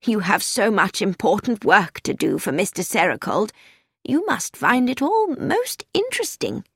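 A woman reading an audiobook, voicing an elderly English spinster who coaxes and gently pries with a soft, raised voice. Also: mid-range voice, big pitch swings, moderate pace, vocal fry, husky, no room sound, clean studio sound, heavily acted. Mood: gently coaxing. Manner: soft, coaxing, gently prying.

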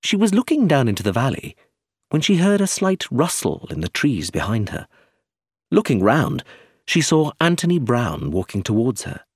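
Husky-voiced male audiobook narrator. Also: mid-range voice, wildly swooping pitch, moderate pace, dry recording, studio quality.

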